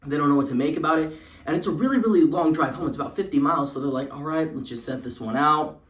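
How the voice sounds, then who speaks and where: A man's voice: fairly high pitch, quick pace, reverberant. A young man telling a parody spooky story in a rambling way, with lots of fillers and restarts.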